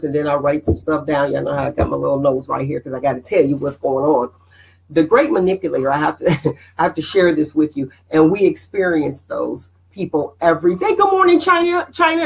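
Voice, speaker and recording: A middle-aged woman hosting a casual motivational live stream, animated and preachy, greeting viewers by name. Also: low voice, creaky, low-quality recording.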